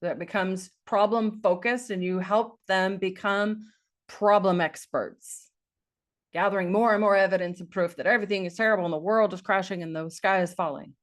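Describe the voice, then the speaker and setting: A woman's voice: mid-range voice, steady tone, normal speed. A woman life coach giving an earnest, encouraging talk, repeating phrases for emphasis.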